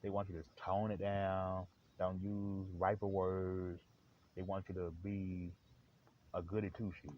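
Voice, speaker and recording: A man's voice: deep voice, completely flat delivery, a little slow. A man hosting a live stream, rambling in slang with lots of fillers. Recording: dull lo-fi with faint hiss.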